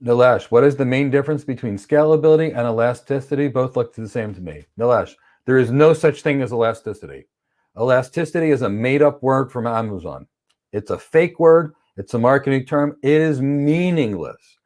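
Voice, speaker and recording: A man with a medium-pitched, brisk, darkish voice leads a livestreamed cloud certification class. He reads out the viewers' questions and responds bluntly and opinionatedly, throwing in playful acted-out examples.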